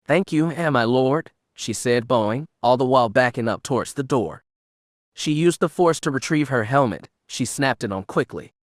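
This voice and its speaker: A man narrating an unabridged audiobook in a steady, measured storytelling manner. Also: mid-range voice, no room sound, clean studio sound.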